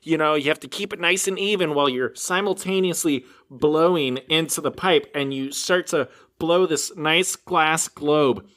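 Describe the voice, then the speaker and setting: A man's voice: fairly high pitch, moderate pace, few pauses, fairly bright tone. A man co-hosting a casual comedy podcast, rambling with many fillers and arguing back defensively. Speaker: podcast co-host.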